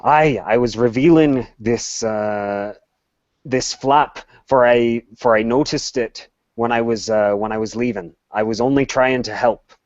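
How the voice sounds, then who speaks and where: A man's voice: mid-range voice, a little slow, no room sound, highs cut off, lightly acted. A man voicing a courteous, scheming male envoy who speaks persuasively and often ends sentences with a question.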